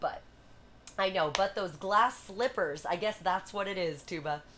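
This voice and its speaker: A woman hosting a livestream, chatty and animated as she retells a story to her viewers. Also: mid-range voice, unhurried, a little hiss or hum. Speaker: livestream host. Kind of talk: casual retelling and performing for a live chat.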